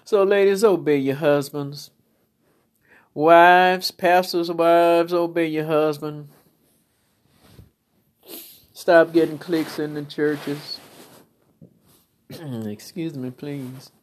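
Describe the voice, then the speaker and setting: A woman's voice: low-pitched, steady tone, slow, long pauses. A middle-aged woman preacher giving a personal testimony, telling her story with laughter and feeling. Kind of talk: testimony sermon.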